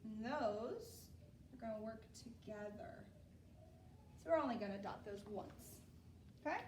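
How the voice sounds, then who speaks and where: High-voiced woman teaching a phonics lesson. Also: lively intonation, unhurried, roomy sound, far from the mic, a little hiss or hum. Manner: patient, checks in with "okay?" often.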